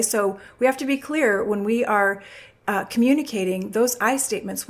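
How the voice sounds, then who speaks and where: A middle-aged woman hosting a podcast, giving relationship advice and acting out quoted voices as she tells stories. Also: a little high. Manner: animated storytelling, acts out quoted voices. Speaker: podcast host.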